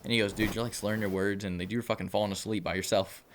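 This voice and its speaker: With a lowish voice and a steady tone, a young vlogger rattles off a meandering personal story at rapid speed, relaxed and full of filler words. A little hiss or hum sits in the background of this casual storytelling.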